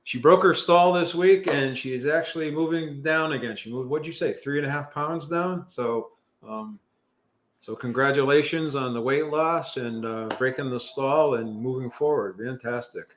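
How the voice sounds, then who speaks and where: Rambling middle-aged host chatting live. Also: male voice, medium pitch, normal speed, slight background noise. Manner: rambling, many fillers and restarts, self-deprecating. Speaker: livestream host. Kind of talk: casual live chat reading viewer comments.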